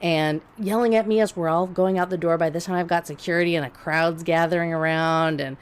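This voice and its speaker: A woman on a podcast telling a story in casual chat, blunt and profane, animated and laughing as she talks. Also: on the low side, fairly quick, clear, resonant tone. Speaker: podcast co-host.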